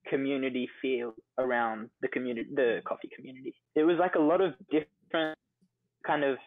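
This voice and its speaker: A man's voice: mid-range voice, no room sound. A young Australian man telling stories in a casual interview, chatty and full of fillers. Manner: chatty, many fillers like "like" and "you know". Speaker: guest, coffee entrepreneur. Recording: dry phone-like audio.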